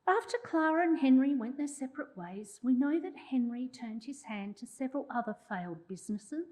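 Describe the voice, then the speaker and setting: A woman's voice: high voice, expressive, fairly quick, a little mellow, poor audio. A woman, a journalism historian delivering a prepared public lecture with wry asides to the audience. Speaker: journalism historian giving an oration.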